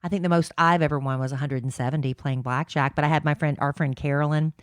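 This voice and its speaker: A woman's voice: sits low, steady tone, fast talker, smooth, dry recording, studio quality. A woman co-hosting a casual chat podcast, chatty and reflective, teasing her co-host now and then.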